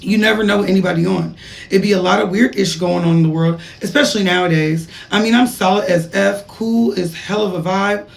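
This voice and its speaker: A woman's voice: mid-range voice, brisk, vocal fry. A woman spilling gossip in a loose, talkative storytime voice, reading screenshots aloud and reacting as she goes. She sits a little back from the microphone, so her voice sounds somewhat distant. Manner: gossipy, chatty, reads text messages aloud with laughing asides. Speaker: gossip commentator. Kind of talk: casual storytime commentary.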